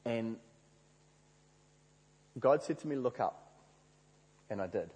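Husky man preaching in a reverberant hall. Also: fairly low pitch, slow. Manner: animated storyteller, acts out quoted prayers. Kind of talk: sermon storytelling.

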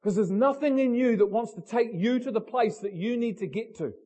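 A male pastor preaches a passionate sermon. He speaks bluntly and fires direct questions at the congregation. His voice sits high and comes through husky. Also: brisk, mellow.

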